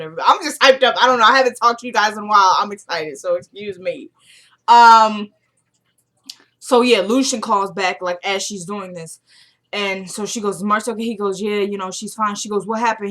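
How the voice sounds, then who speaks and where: A woman's voice: mid-range voice, fairly bright tone. Chatty young woman recapping a show. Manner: chatty, retells scenes by quoting characters. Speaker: TV episode recap vlogger. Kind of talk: casual recap chat.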